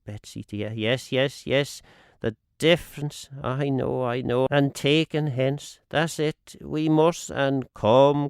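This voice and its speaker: A man reading a dialect narrative poem aloud on radio, measured and expressive, lifting and dropping his voice for the quoted speakers. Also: clear, resonant tone, dry recording, clean studio sound. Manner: measured and expressive, swinging pitch on quoted lines. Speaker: radio reader. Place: radio studio.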